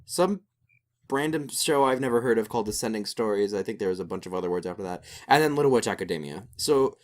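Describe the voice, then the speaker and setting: A young man co-hosts a podcast, his voice on the low side and his pace fast. He chats casually and rambles in an animated way, packing his talk with fillers.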